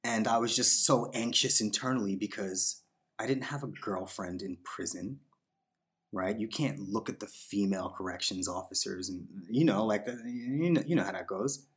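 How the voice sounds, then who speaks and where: A man who is a podcast guest, telling a personal story in a reflective, unhurried way, with fillers and voiced quotes. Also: lowish voice.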